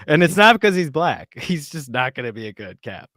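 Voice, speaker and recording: A man's voice: on the high side, sing-song, brisk, fairly bright tone, no echo, studio quality. A man hosting a casual podcast chat, reading an article aloud in a mocking tone with many fillers. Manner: mocking, with frequent fillers and laughs. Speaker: podcast host.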